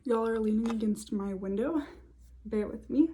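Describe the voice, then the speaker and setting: A woman's voice: on the high side, moderate pace, dark tone, husky. Woman, mid-twenties, casual vlog, chatty, fillers, home office. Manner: chatty, many fillers, laughs often. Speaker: vlogger. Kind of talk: casual storytelling to camera.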